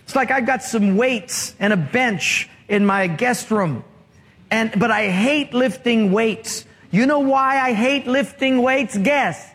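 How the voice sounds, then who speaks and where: A man's voice: very high-pitched, slow, fairly bright tone. A man preaching a sermon, telling humorous stories and prompting the congregation to answer. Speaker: pastor. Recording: long hall reverb.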